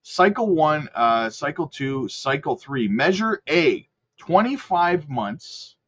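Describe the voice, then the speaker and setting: A man's voice: a little high, sing-song, takes it slowly, a bit bright, muffled recording. Chatty man hosting a crypto channel. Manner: loose, chatty, many fillers and self-corrections. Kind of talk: casual screen-share commentary.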